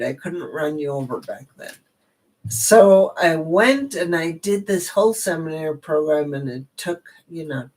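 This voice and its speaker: A woman at a slow, easy pace tells a story from her own life. She chats along with plenty of asides and checks with the listener, and grows animated as the story builds. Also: lowish voice. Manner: chatty, rambling asides, animated retelling. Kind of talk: personal storytelling.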